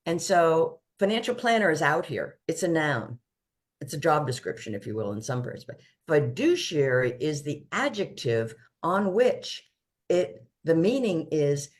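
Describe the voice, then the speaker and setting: Emphatic older woman financial planner. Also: sits low. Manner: emphatic, playful catchphrases. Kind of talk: casual video chat.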